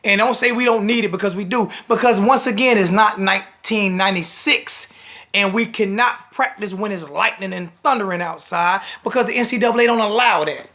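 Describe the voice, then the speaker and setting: A man's voice: sits high, a little fast, sharp tone. A man with a blunt, scolding manner, ranting to the camera as a sports fan vlogger.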